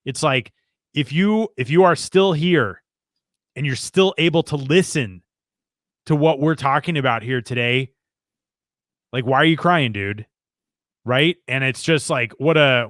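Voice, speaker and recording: A man's voice: medium pitch, unhurried, fairly bright tone, dry recording, clean studio sound. A man hosting a podcast in casual, friendly chat with a joking edge. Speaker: podcast host.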